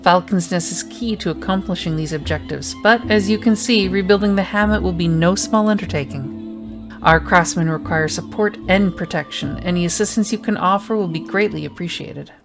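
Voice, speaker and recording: A woman reading the lines of a stern male knight commander in a game, formal and measured. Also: on the low side, over music, close to an everyday voice.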